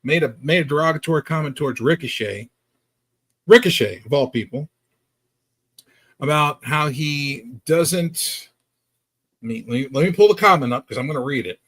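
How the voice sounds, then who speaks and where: A man's voice: on the high side, lively intonation, moderate pace, pauses often, a bit bright, husky. A man co-hosting a casual wrestling review podcast, talking bluntly and with a lot of swearing. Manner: blunt, profane, dismissive. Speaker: podcast co-host.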